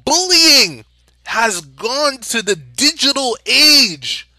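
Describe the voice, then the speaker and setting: A young man's high, very bright voice rises and falls wildly as he rants in fury, swearing and shouting. The sound is dry and close, with no room echo. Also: sing-song, very slow. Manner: furious, profane, shouting at times. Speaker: vlogger. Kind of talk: angry rant.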